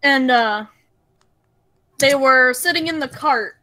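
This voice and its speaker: A woman's voice: sits high, takes it slowly, pushed and bright, rough recording. A woman chatting with friends on a voice call, retelling something a coworker told her in a teasing, chatty way. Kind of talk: casual group voice chat.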